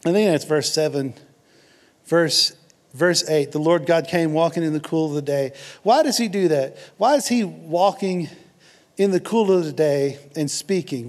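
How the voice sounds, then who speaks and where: Man, pastor, sermon, conversational, earnest, fairly high pitch. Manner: earnest, conversational preaching with asides.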